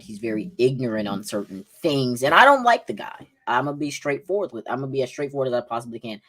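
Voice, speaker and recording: A man's voice: medium pitch, a bit bright. A man with a Southern accent hosting a political livestream podcast, combative and repeating "right?" again and again. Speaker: podcast host.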